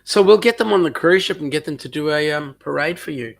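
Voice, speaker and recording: A man with an Australian accent co-hosting a casual live-stream chat, congested from a cold, joking and reading out viewer comments. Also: brisk. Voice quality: husky, low "sexy" voice from a cold. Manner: joking, teasing, reads viewer chat aloud. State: congested, blocked nose.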